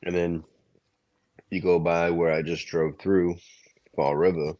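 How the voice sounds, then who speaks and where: A man's voice: sits low, little pitch movement, a little slow, dark tone, dull audio. A man with a Massachusetts accent co-hosting a podcast, laid-back with dry quips. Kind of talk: casual chat.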